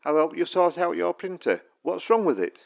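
This Stocksbridge man's voice sits on the high side and is gravelly, very animated, and delivered at a moderate pace, with lots of rise and fall. Acting out a comic sketch as a help desk man, he is always courteous but dry and condescending, and the sound is muffled like a phone call.

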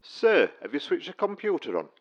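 A man's voice: fairly high pitch, wildly swooping pitch, normal speed. A help desk man, unfailingly polite yet dry and patronizing. His voice rises and falls a lot, and it sounds muffled, as if heard down a phone line. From Stocksbridge, England. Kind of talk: comic sketch acting.

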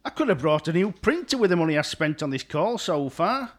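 A grumpy, sarcastic caller. His voice sits fairly high and swings about wildly as he snaps and shouts back at the help desk. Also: sing-song, a little fast. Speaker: exasperated caller. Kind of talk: comic sketch acting.

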